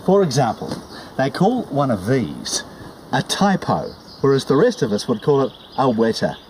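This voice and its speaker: A man's voice: mid-range voice, very animated, moderate pace, a little mellow, slight background noise, rough recording. A man with a New Zealand accent presenting a documentary in a conversational way.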